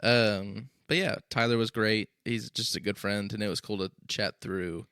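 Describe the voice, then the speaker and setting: A man's voice: on the low side, fairly even intonation, moderate pace, a bit bright, smooth, no echo, clean studio sound. A man hosting a podcast in casual chat, easygoing and joking with his co-host.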